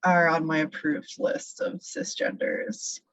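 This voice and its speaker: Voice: mid-range voice, huge pitch swings, takes it slowly, fairly bright tone, dry recording. A young adult being interviewed, chatting casually and hesitantly, with lots of fillers. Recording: dull, dry recording.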